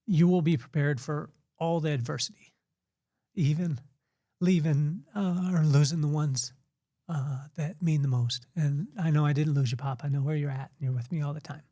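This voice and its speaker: A man in his forties with a somewhat higher voice talks with heartfelt, halting reflection and often pauses on fillers. He sounds tearful. The recording is close and dry. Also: steady tone, mellow, dry recording. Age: 40s. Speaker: podcast host. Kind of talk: personal reflective monologue.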